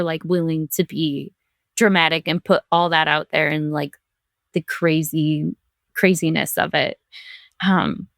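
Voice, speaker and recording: A woman's voice: on the low side, no room sound, clean studio sound. A woman talking as a podcast guest in casual chat, candid and chatty, laughing readily and filling her speech with "like".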